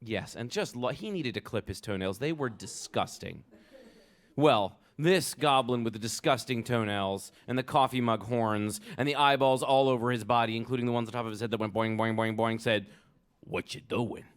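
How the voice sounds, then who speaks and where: A man's voice: mid-range voice, normal speed, clear, resonant tone. A man reading a picture book aloud to children at a live event, playful and asking the kids for details.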